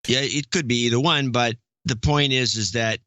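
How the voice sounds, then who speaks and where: Man, podcast co-host, bright voice, close dry mic, rambling, emphatic. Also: mid-range voice, normal speed, no echo. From lives in the Oakland area. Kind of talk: casual podcast banter.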